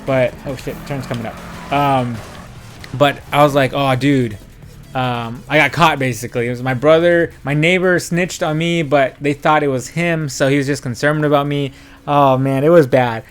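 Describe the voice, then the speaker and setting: A man's voice: mid-range voice, fairly even intonation, normal speed, smooth, faint music behind. A young man telling a story in a casual, rambling way while he streams a driving game, full of fillers and quoted dialogue. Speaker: gaming streamer.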